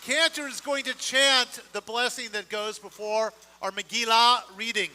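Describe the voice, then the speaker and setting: Very high, bright-voiced man leading a crowd. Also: normal speed, big-room sound. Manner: energetic, joking, rallying the crowd. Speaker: service leader. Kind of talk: leading a congregation. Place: synagogue sanctuary.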